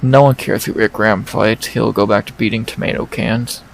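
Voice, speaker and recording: A man hosting an MMA fight recap in a casual, excited way, swearing often and repeating himself. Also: on the low side, normal speed, gravelly, slight background noise, rough recording.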